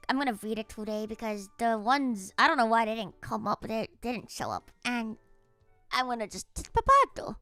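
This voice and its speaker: Young female idol streamer, high and very animated, teasing, dry close sound. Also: normal speed, no room sound, faint music behind. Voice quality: playful, teasing, mock-grumpy, mixing in Japanese. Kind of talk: casual livestream chat with viewers.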